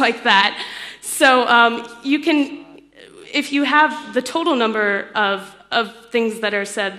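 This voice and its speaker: A young woman delivers a technical conference lecture with a bright, fairly high voice. She explains patiently, with ums and the odd light laugh. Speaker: conference speaker. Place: lecture hall.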